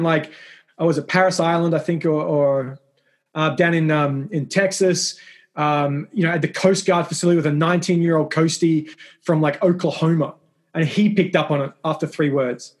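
A middle-aged Australian man with an Australian accent, a guest telling stories in a rambling, self-deprecating, casual way. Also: a little high. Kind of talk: casual interview conversation.

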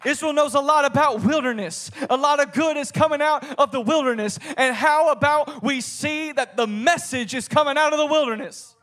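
A man preaching a sermon, reading scripture and telling the story dramatically, swinging from soft storytelling to shouted high points. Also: normal speed, hardly any pauses. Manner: reads scripture aloud in King James wording.

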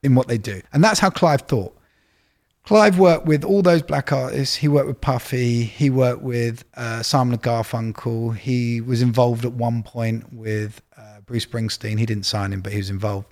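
A man with a gravelly, fry-edged voice at a middle pitch, chatting in a relaxed sit-down conversation. He tells quick stories and acts out the dialogue inside them. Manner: storytelling, quick anecdotes with quoted dialogue. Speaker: record label executive.

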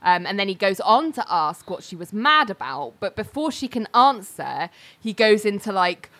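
A woman's voice: mid-range voice, lively intonation, moderate pace, gravelly, fairly bright tone. A woman casually recapping a TV episode on a podcast, telling it as a chatty story full of fillers and laughs. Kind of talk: casual chat.

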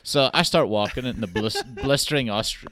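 A man hosting a podcast, telling stories in a casual, animated way and swearing freely. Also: mid-range voice, moderate pace. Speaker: podcast host. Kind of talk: casual chat.

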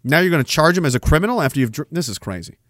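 A man's voice: a little high, big pitch swings, racing, fairly bright tone, no room sound, studio quality. A tired man hosting a podcast, rambling sarcastically in casual chat as he reads out viewer comments. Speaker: podcast host.

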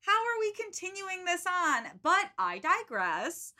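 Chatty young woman, bright voice. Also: very high-pitched, big pitch swings, measured pace. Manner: chatty, lots of "like" and "um", blunt jokes. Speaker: book podcast co-host. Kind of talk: casual chat recapping a book.

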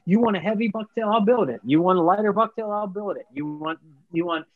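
A man's voice: high voice, a little fast, no echo, phone-quality sound. A man talking casually as a guest bait maker, rambling with many restarts. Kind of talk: casual podcast chat.

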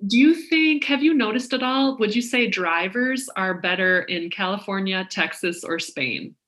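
Bright-voiced woman interviewer. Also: medium pitch, animated, moderate pace. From Minnesota. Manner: friendly, curious, asks rambling questions. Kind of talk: casual interview chat.

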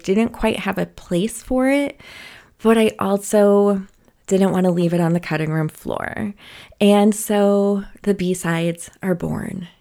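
A woman's voice: medium pitch, mellow. Candid chatty woman podcast host. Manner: candid and chatty, laughs often. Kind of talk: casual solo podcast storytelling.

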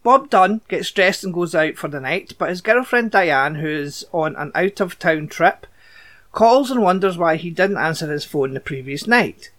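Scottish male podcast host, high-pitched, deadpan recapper with blunt asides. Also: moderate pace. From Scotland. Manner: dry, blunt, sweary asides. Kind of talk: casual podcast chat, reading plot recaps.

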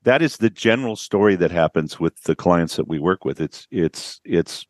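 This man's voice sits low and sounds animated at normal speed, with clean studio sound and no room tone. As a business coach on a podcast, he recounts client stories, voicing their words with an upward lift.

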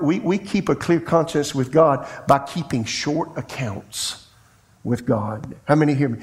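Folksy middle-aged preacher, storytelling. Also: male voice, a little high, animated, normal speed. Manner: folksy storytelling preacher who acts out dialogue. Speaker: pastor. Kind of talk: sermon.

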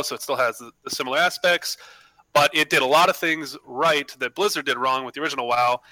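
A man's voice: medium pitch, pushed and bright, dry recording, low-quality recording. A man co-hosting a casual gaming podcast, joking around, swearing freely and telling stories. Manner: joking, swears freely, mimics pop-up voices. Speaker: podcast co-host.

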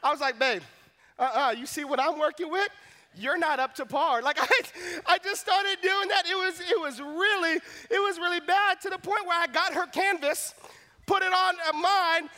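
High, bright-voiced young male preacher. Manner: animated, self-mocking storyteller. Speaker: pastor. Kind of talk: sermon with humorous story.

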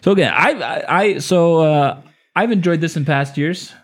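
A man's voice: on the high side, normal speed. A man hosting a beer podcast in casual chat, laid-back and rambling, swearing offhand. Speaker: podcast host.

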